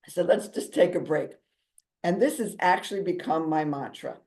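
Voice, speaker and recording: A woman giving a motivational talk as a drum therapist and speaker, chatty and jokey, with a calming, soothing voice. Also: sits low, normal speed.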